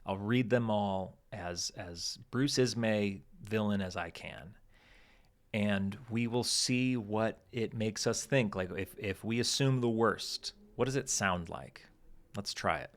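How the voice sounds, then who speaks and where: Low-voiced man hosting a podcast. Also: slow pace. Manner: conversational, thinking aloud, with hesitant restarts. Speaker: podcast host. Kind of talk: casual analytical podcast talk.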